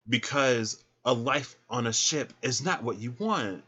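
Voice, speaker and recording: A man giving a casual tarot reading, chatty and animated, who laughs often and acts out little scenes. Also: medium pitch, unhurried, few pauses, dull audio. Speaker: tarot reader.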